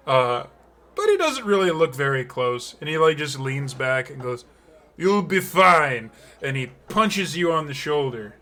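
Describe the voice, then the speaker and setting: A man's voice: mid-range voice, sing-song, a little slow, a bit bright. A man narrating a tabletop game as game master, rambling and full of fillers and laughter.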